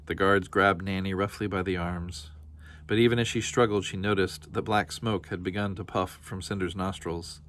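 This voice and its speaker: Low-voiced man reading a storybook. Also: fairly even intonation, moderate pace, a bit bright. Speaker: storybook reader. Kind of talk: children's storybook read-aloud.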